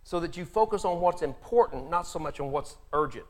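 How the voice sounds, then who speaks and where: A male pastor delivers a sermon with a high voice that rises and falls a great deal. He tells his stories in an animated way and acts out the people in them. A long reverb hangs on the recording, as if in a large hall. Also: brisk, heavy background noise. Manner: animated storytelling, acts out Bible characters.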